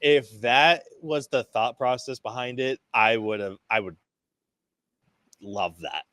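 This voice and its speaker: A man co-hosting a podcast in casual movie review chat. He is excitable, swears freely and acts out scenes in quick quoted voices. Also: mid-range voice, dry recording. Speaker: podcast co-host.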